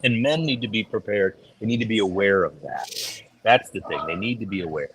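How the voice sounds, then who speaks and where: A middle-aged man chatting casually as a podcast co-host, telling stories and acting out quoted voices with big jumps in pitch. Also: lively intonation, a little fast, noisy background. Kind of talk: casual chat.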